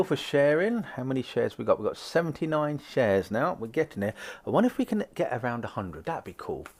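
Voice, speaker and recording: Lively chatty man reading cards. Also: medium pitch, slight background noise. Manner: chatty and upbeat, acts out little dialogues. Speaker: psychic card reader. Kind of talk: live-stream tarot reading, reading viewer comments.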